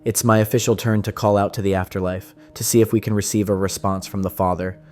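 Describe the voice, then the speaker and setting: A man reads scripted voice-over in a solemn, measured way. His voice sits low and sounds mellow and warm. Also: level tone. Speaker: narrator.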